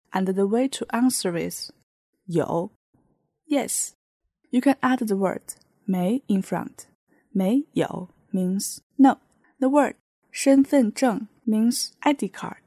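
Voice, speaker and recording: Slow, mellow-voiced woman teaching. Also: on the high side, dry recording. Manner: patient, explains with many example sentences. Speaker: language teacher. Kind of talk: podcast language lesson.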